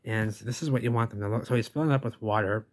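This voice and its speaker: A man's voice: lowish voice, fast. A man giving casual, rambling reaction commentary on a video, enthusiastic and chatty, calling listeners "folks" and "baby".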